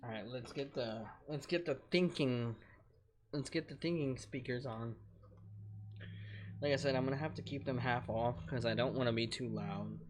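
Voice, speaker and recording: A man's voice: mid-range voice, moderate pace, a little hiss or hum. A young man streaming a game from home at night, rambling and venting in casual chat with plenty of swearing.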